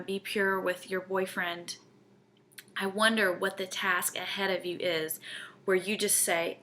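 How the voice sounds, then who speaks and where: A woman's voice: medium pitch, sharp tone, a little hiss or hum. A woman, teaching a Bible study in an earnest, conversational way and often checking in with her listeners.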